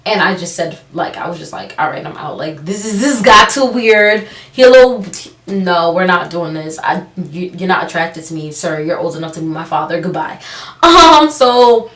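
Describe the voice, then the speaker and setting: A young woman telling a personal story on her vlog, sarcastic and animated, acting out the people she quotes. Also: lowish voice, moderate pace. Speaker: vlogger. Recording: roomy, from a distance.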